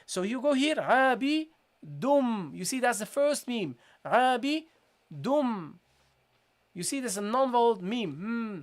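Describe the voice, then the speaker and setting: A Quran recitation teacher giving a live online tajweed lesson. The teacher repeats each point, keeps checking in with "okay?" and "guys", and breaks into slow, drawn-out recited examples. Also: medium pitch. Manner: switches between English explanation and slow, drawn-out recited demonstrations.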